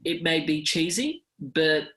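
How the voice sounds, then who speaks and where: A man's voice: on the high side, lively intonation, slow, fairly bright tone. A man with an Australian accent, a guest reporter in a casual podcast chat, earnest and rambling, often restarting his sentences.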